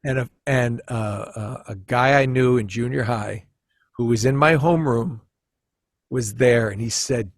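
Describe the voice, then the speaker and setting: A man chatting as a podcast guest, telling stories in an animated, rambling way with many restarts, often jumping into quoted voices. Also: medium pitch, unhurried, dry recording, clean studio sound. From United States. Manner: animated storyteller who jumps into quoted voices. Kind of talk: casual storytelling chat.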